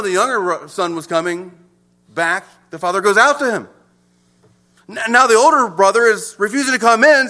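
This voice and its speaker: A male pastor with a high, bright voice delivers a sermon. His pitch swings widely, and he moves from emphatic lines to hushed ones.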